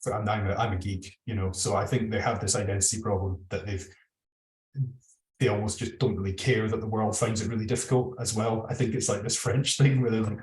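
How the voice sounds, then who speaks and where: A man's voice: on the low side, fairly even intonation, a little fast, a little mellow, roomy sound, rough recording. A man with a Scottish accent talking casually over a video call, opinionated and rambling. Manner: opinionated, rambling, self-described drinks geek. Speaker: guest whisky bottler. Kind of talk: casual virtual tasting chat.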